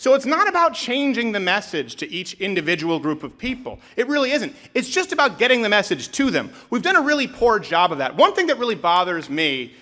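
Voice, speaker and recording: A young adult man from Canada giving a live comedic political speech, animated and sarcastic, with sudden shouted bits. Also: high-pitched, fairly quick, few pauses.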